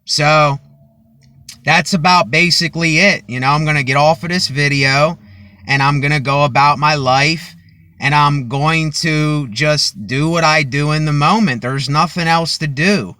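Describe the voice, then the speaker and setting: A man vlogging a motivational monologue into a cheap phone from inside his car, speaking deliberately and loudly as if to a crowd. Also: fairly high pitch, dry recording. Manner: slow and deliberate, projecting as if to a crowd.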